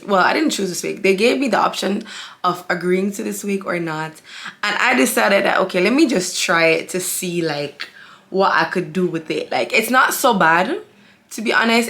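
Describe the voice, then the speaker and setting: A woman's voice: medium pitch, fairly bright tone. A woman beauty vlogger chatting casually to camera, candid and talkative, often calling out to her viewers. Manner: chatty and candid, addresses viewers as guys, frequent fillers.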